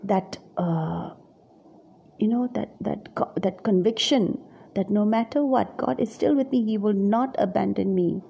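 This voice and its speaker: Woman preacher, husky mellow voice, reflective sermon, halting and thoughtful. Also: mid-range voice, lo-fi sound. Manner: musing, searching for words with many fillers.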